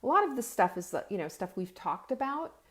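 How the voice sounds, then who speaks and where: A woman hosting a nutrition and cooking live stream, chatting in an animated way, often restarting her sentences. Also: fairly high pitch, fairly quick. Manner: chatty and animated, with frequent restarts and self-corrections; breaks into laughter. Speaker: host of a nutrition and cooking show. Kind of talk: casual live-stream chat.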